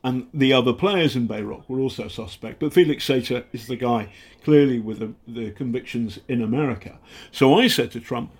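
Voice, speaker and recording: A British investigative journalist telling stories in a casual interview, halting often and acting out the people he quotes. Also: medium pitch, a little mellow, husky. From Britain. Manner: halting, many fillers and restarts, acts out quotes.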